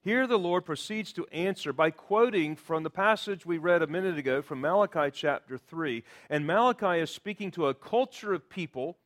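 A man delivers a sermon, walking his listeners through scripture passage by passage. His voice sits a little higher than most men's, and he leans hard on quoted verses for emphasis. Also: expressive, normal speed. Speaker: pastor.

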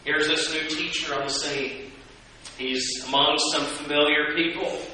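A man preaches to a congregation with a bright, forceful voice, pitched a little above the usual for a man. He asks his listeners questions as he reads the passage aloud. He sounds some way off from the mic, in a very echoey church with a faint hiss underneath. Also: steady tone, measured pace, far from the mic. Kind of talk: sermon. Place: church sanctuary.

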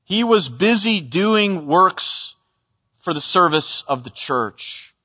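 Earnest preacher in a reverberant hall. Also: male voice, high-pitched, animated, slow, sharp tone, slightly rough. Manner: earnest, emphatic, with frequent restarts and repeated words. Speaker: pastor. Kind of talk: expository sermon. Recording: long reverb of a large hall.

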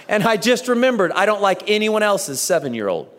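High-voiced pastor preaching in a big hall. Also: male voice, normal speed, a faint crowd. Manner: animated storytelling, acts out dialogue. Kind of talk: sermon. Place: church auditorium. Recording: echoey church hall.

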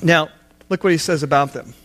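A man's voice: on the high side, a little fast, a bit bright. A man preaching a sermon on a Bible passage, talking conversationally with asides and acted-out quotes. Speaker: pastor.

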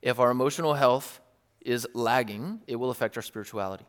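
A man preaching a sermon in a church hall, talking casually and earnestly with animated, wry asides. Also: mid-range voice, brisk. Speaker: pastor. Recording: long hall reverb.

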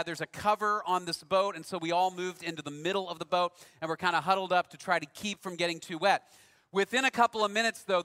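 Male pastor, conversational storyteller; high pitch, sharp timbre, big reverberant room. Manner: conversational, self-deprecating storyteller. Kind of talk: sermon with a personal story.

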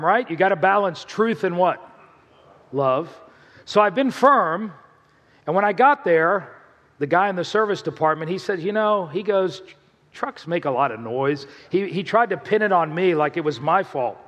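Male pastor, sermon, conversational storytelling, higher-pitched voice, echoing church hall. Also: fairly bright tone. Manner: storytelling, conversational preaching with asides to the congregation.

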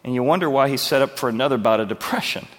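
A man's voice: medium pitch, rapid-fire, a bit bright, in a large hall. A male pastor preaching a verse-by-verse sermon in an earnest, conversational way, asking his listeners questions.

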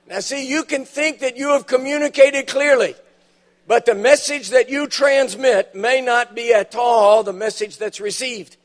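Man, preacher, high-pitched voice, sermon in church, storytelling, emphatic punchlines. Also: measured pace. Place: church auditorium.

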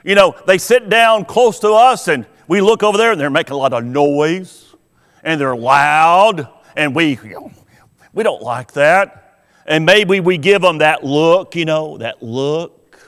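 A pastor preaching to his congregation in a high, unhurried voice. He tells stories and asks his listeners questions. Long church reverb trails each phrase. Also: lively intonation, a bit bright, clear, resonant tone. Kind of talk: sermon. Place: church sanctuary.

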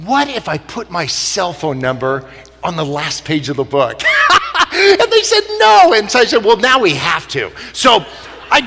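A middle-aged man giving an animated, joking talk to a church crowd, moving from hushed lines to loud punchlines. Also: fairly high pitch, moderate pace, vocal fry. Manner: animated, jokey, swings from quiet to loud. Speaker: speaker. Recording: long reverb of a large hall.

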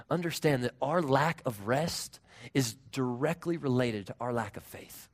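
A man in his thirties preaching a sermon as pastor, earnest, moving between raised emphasis and hushed, tender tones. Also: mid-range voice, a little slow.

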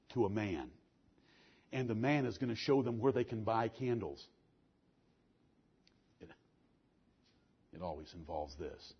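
Husky preacher man going hard, loud then low and intense, muffled old recording. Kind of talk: fiery sermon.

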